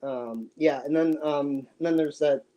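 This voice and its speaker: A man's voice: fairly high pitch, measured pace, dark tone, muffled recording. A man co-hosting a casual movie podcast, mostly agreeing and hesitating with fillers. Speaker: podcast co-host.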